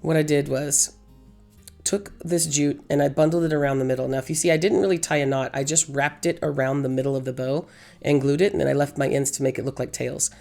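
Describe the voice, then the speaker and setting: Hoarse gravelly woman crafting tutorial. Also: extremely low pitch, fast talker, dark tone, soft background music. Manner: chatty, rambling, self-correcting. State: hoarse, losing her voice. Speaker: craft channel host. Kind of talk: casual crafting tutorial voice-over.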